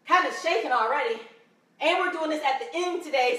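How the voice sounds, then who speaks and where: Counting reps and cheering on her viewers, a woman coaches a home workout in a bright, high voice at a fairly quick pace. Her hard breathing comes through at times, and the echoey room and distant mic leave her sounding far away.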